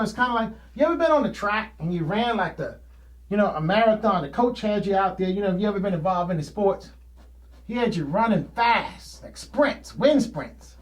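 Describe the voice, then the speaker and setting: A man with a high voice for his sex talks casually and plainly, like regular folks. He rambles from thought to thought and laughs often as he hosts his own show.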